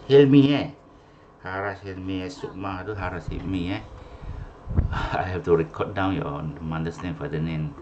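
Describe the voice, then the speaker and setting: A man's voice: low-pitched, muffled recording, a little hiss or hum. A man with a Malaysian English accent teaching an online class, mixing English and Malay, calling out names and often ending with a questioning "eh?". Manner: mixes English and Malay, repeats names, ends with "eh?". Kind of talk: online class roll call. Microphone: video call.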